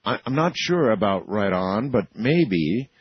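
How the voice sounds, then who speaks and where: A man hosting a radio talk show, chatty and quick to laugh. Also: on the low side, very animated, slightly rough, no room sound, highs cut off. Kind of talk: casual radio interview.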